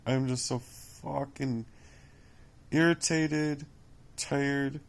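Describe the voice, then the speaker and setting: A man's voice: mid-range voice, fairly even intonation, gravelly. A man talking in a rambling personal monologue, exhausted, bitter and sarcastic, swearing often and repeating himself. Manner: repetitive, halting phrasing. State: exhausted and worn down. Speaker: vlogger.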